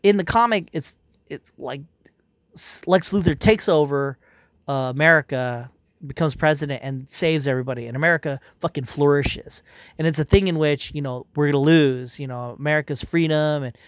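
A man's voice: on the high side, normal speed, no room sound, studio quality. A man ranting casually and irritably, rambling with lots of filler words, swearing and restarted sentences. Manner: irritated, dismissive. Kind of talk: casual spoken review rant.

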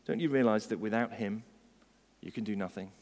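A man voicing a gentle, wise mother donkey speaking softly to her child. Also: lowish voice, fairly quick, a little hiss or hum, natural voice. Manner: gentle, soft-spoken. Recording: long hall reverb.

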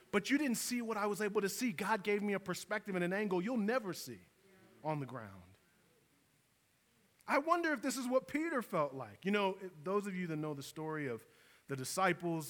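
Male pastor, high voice, casual storytelling sermon, long hall reverb. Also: fairly bright tone. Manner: casual storytelling preacher, conversational asides.

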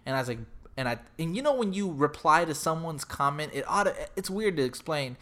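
A man's voice: fairly high pitch, fairly quick. A man hosting a podcast, telling a story in casual chat with lots of swearing. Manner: animated, profane storytelling, acts out quoted lines. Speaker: podcast host.

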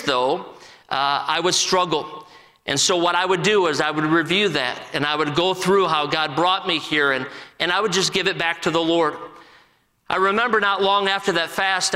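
A man in his forties, an assistant pastor, giving a personal testimony to his congregation in an earnest, halting way full of restarts. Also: a little high, pushed and bright, big-room sound, low-quality recording. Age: 40s.

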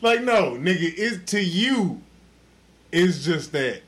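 A man hosting a casual podcast, loudly telling a drunk, profane story full of laughter. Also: high voice, lively intonation, takes it slowly. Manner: loud, profane, laughing, acts out quotes. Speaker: podcast host.

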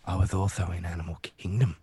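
A man's voice: deep voice, flat delivery, a little fast, dark tone, slight background noise, pitched below the performer's own voice, lightly acted. A man putting on a mock impression of a laid-back, boastful Australian actor, with an Australian accent and a drawl. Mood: playful mock.

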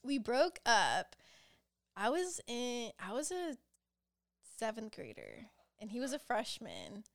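A woman's voice: a little high, huge pitch swings, slow pace, vocal fry, pauses often, dry recording. A young woman co-hosting a podcast in casual chat, talking loosely with lots of fillers and frequent laughs. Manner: chatty, laughs often, many likes. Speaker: podcast co-host.

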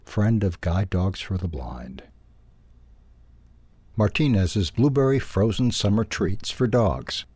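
A man reading a children's animal story aloud for a newsletter's audio edition, in a calm, even way. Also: low-pitched, slightly rough, no room sound. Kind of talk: storybook narration.

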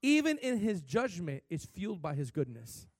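High-voiced male pastor preaching. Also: big pitch swings, normal speed, dry recording. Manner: candid, shifts from soft reflection to loud emphatic preaching. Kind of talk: sermon.

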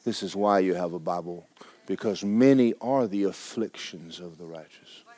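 A pastor preaching a folksy, playful sermon to his congregation, now and then breaking into shouted praise. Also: deep voice, normal speed, dry recording. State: injured foot, sitting while preaching.

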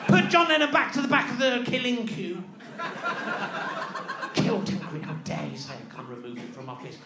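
A man's voice: high voice, normal speed, loud music behind the voice, voice pushed down. A man ranting as a petty, vengeful God. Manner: indignant ranting, barking orders. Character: petty, vengeful, thin-skinned male God. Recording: echoey venue with audience laughter.

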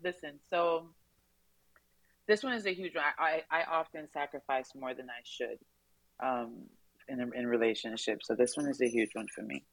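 A woman's voice: a bass voice, moderate pace, no room sound, poor audio. A woman on a casual podcast chat, giggling and apologizing as she talks.

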